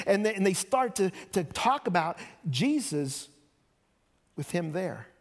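A man preaching a sermon as pastor, conversational and animated, acting out voices as he retells the story. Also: high-pitched, a little slow. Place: church sanctuary. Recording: long reverb of a church hall.

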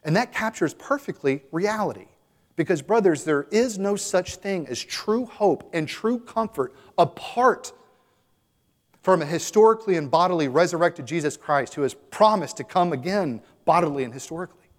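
A man's voice: on the high side, expressive, normal speed. A man preaching a sermon as a pastor, earnest and emphatic. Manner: earnest, emphatic, building to exhortation. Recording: long hall reverb.

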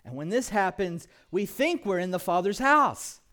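A man with a notably high voice delivers a sermon as pastor. He presses his listeners with rhetorical questions and swings between emphatic lines and quiet, hushed ones. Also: sing-song, moderate pace, few pauses.

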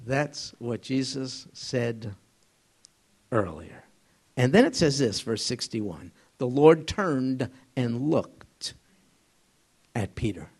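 A man teaching an informal Bible study to a small group, conversational and halting, often asking them questions. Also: medium pitch, expressive, darkish tone, husky.

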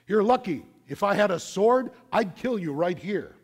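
A man voicing an angry male prophet who shouts indignantly at his donkey. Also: high-pitched, expressive, normal speed, voice pushed up. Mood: furious. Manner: indignant, raised voice.

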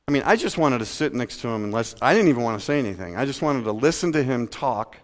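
A male pastor preaching a sermon, talking conversationally and swinging between loud emphasis and quiet asides. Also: medium pitch. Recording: long hall reverb.

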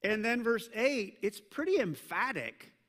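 A man preaching a sermon as pastor, animated in his storytelling, acting out scripture voices, and dropping self-deprecating asides. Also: high-pitched, a little slow, in a large hall.

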